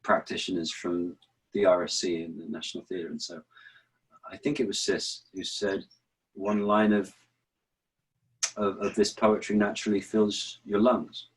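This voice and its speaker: Deep-voiced actor explaining verse. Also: male voice, unhurried, pauses often, rough recording. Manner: animated storyteller, chants rhythms aloud. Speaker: actor and author, interview guest. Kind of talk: relaxed explanatory interview talk.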